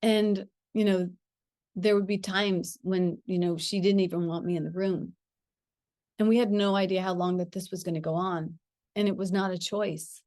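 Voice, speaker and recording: A middle-aged woman telling a personal spiritual story. She talks in an earnest, reflective way with gentle pauses and frequent small laughs. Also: lowish voice, fairly even intonation, no echo, studio quality. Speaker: spiritual teacher.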